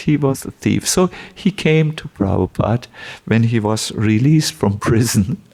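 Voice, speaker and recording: Gravelly slow-paced male spiritual teacher. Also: mid-range voice, expressive, darkish tone. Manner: unhurried, chuckling, many fillers. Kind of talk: devotional storytelling lecture.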